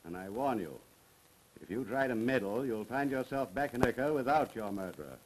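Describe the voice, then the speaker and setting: An actor playing a dismissive police commissioner with a brusque manner, in a 1930s film. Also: male voice, mid-range voice, lively intonation, fairly quick, slight background noise, close to an everyday voice, rough recording. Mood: stern.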